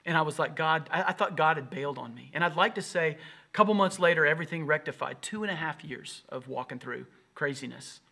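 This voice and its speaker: A man in his thirties, a pastor, telling his own story in an earnest, animated sermon. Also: a little high, fairly quick, vocal fry.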